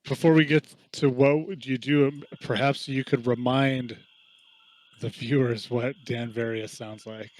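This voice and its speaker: A man's voice: medium pitch, steady tone, unhurried, no room sound, rough recording. Playful man bantering over a tabletop game. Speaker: player.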